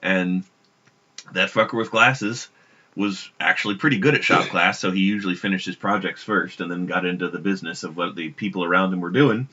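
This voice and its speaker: A man with a somewhat low yet bright, forward voice spins a long, meandering story on a casual podcast. He stops and restarts his sentences often. The recording is dull and lo-fi. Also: brisk. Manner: rambling, self-interrupting storyteller. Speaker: podcast co-host.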